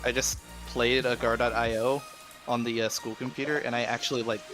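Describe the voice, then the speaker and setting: A young man appears as a guest on a game stream, chatting casually in a rambling, playful way and trying out accents. His mid-range voice stays level and he talks a little fast, with game music playing behind him.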